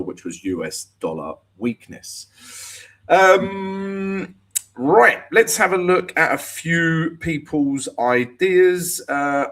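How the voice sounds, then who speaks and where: A man's voice: mid-range voice, a bit bright. Chatty man analyzing live charts. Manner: casual, chatty, addresses viewers as guys. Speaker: trading show host.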